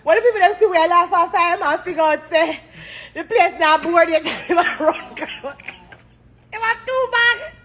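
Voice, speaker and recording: A woman's voice: extremely high pitch, steady tone, normal speed, hardly any pauses, fairly bright tone. A Jamaican woman in casual chat, laughing through a story and mimicking a pleading man.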